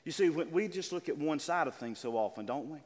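An older man preaching a sermon as pastor, calling out to his congregation and drawing out key words slowly. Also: fairly high pitch, expressive, a little mellow, long reverb tail. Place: church sanctuary.

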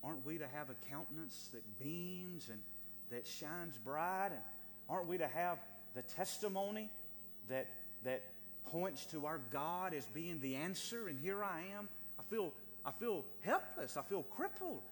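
A man preaching a sermon to his congregation with great passion, swinging from raised declarations to hushed, pleading tones. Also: fairly high pitch, measured pace, in a large hall, slight background noise. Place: church sanctuary.

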